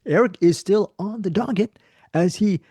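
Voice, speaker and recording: A man hosting a casual film review podcast in a deliberately lively, animated way. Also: husky, no echo, studio quality. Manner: animated, self-described high lively voice. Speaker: podcast host.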